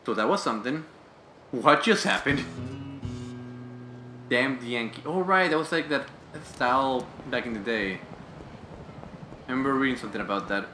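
A man's voice: medium pitch, normal speed, long pauses, pushed and bright. A man giving offhand, casual commentary as the host of a gameplay video. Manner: offhand and swear-prone. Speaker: let's play host. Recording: roomy echo, faint game music.

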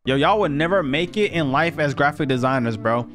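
A man's voice: on the high side, lively intonation, a little fast, a bit bright, a little hiss or hum. A young man giving blunt, profane, slang-heavy reactions as he reviews viewer submissions in a casual video.

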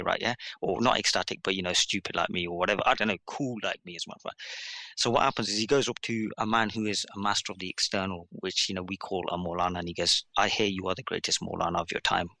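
A man with a British accent, a guest telling a spiritual teaching story in an excitable, rambling, playful way. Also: deep voice, dry recording. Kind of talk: animated storytelling in conversation.

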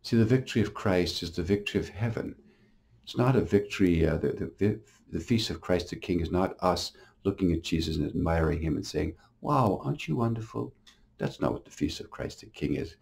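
A priest giving a short homily in a gentle, reflective way, often pausing and restarting phrases, with a Canadian English accent. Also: male voice, low voice, vocal fry, breathy edge.

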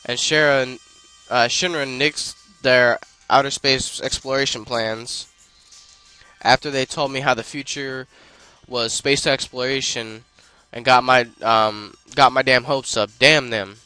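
A man's voice: mid-range voice, fairly even intonation, a little slow, pushed and bright, clear, resonant tone, low-quality recording. Cid, a man reading as a bitter cursing rocket pilot. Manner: swearing, grumbling, stumbling over lines. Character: bitter foul-mouthed middle-aged male rocket pilot. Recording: faint game music behind.

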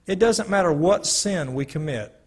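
Husky, earnest man giving a testimony. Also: high voice, animated. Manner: slow, earnest storytelling with dramatic pauses. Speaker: speaker giving a personal testimony. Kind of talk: spoken testimony to a live audience.

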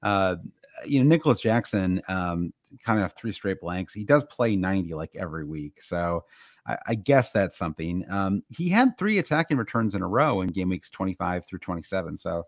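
A man with a Midwestern American accent talks in a casual podcast chat, rambling through fillers and restarts. His voice sits a little low. The sound is dry and close, with no room around it. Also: sing-song, moderate pace, no echo. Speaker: podcast co-host.

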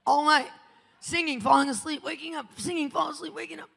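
Gravelly woman preaching in an echoing hall. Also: high voice, steady tone, fast. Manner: testimony told with dramatic swings from loud to hushed. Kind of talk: live conference sermon. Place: conference venue. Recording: preaching in a large reverberant hall.

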